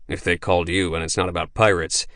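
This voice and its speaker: A man voicing a terse, skeptical former soldier who speaks quietly and dryly. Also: low-pitched, level tone, quick pace, no echo, clean studio sound.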